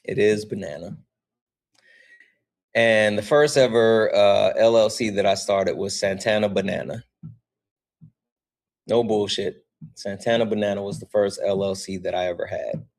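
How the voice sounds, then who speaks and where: Animated young man chatting on a livestream. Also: fairly low pitch, measured pace, long pauses. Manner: animated, swears casually, talks straight to chat. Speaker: livestream host. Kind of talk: casual livestream chat reading donations.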